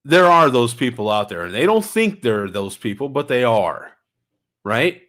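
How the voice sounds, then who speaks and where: A man's voice: mid-range voice, unhurried. A man vlogging casually, telling stories with energy and answering viewers' chat comments, a little stuffy in the nose. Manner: animated storyteller, reads and answers chat comments.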